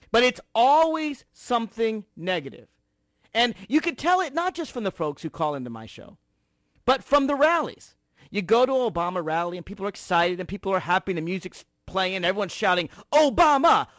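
A man's voice: high voice, fairly bright tone, dry recording. A man hosting a political talk radio show, delivering an emphatic, sarcastic monologue from a studio.

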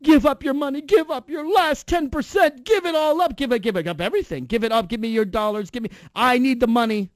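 A man mocking a greedy megachurch pastor who loudly demands money. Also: very high voice, fairly quick, hardly any pauses, no echo, studio quality, voice pushed up. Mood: demanding. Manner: loud, insistent, repetitive demanding.

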